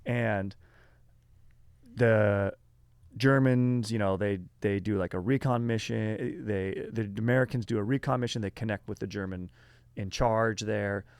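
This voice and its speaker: A man's voice: lowish voice, fairly even intonation, unhurried, clear, resonant tone, no echo. A man hosting a podcast, telling a history story in a rambling, slangy, casual way full of fillers. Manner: rambling, filler-heavy, slangy, says dude and bro.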